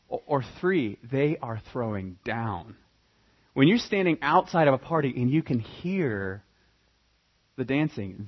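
A man preaching a sermon, telling the story with animated, dramatic emphasis. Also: medium pitch, breathy edge. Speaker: pastor. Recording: dull lo-fi recording.

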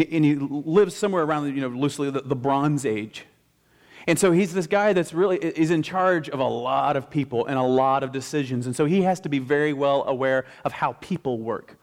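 A male pastor giving a conversational sermon, stressing key phrases slowly and emphatically. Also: mid-range voice, a little mellow.

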